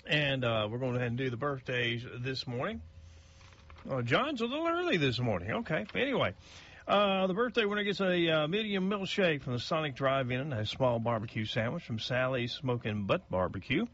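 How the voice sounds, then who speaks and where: A man's voice: mid-range voice, expressive, normal speed, fairly bright tone, lo-fi sound. A middle-aged man, a local radio host reading out birthday announcements in a folksy, chatty way that stumbles over names.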